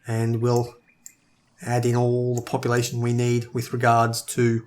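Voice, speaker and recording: A man's voice: mid-range voice, completely flat delivery, measured pace, a little mellow. A man giving casual gameplay commentary, thinking aloud and sometimes tripping over his words. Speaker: let's play gamer.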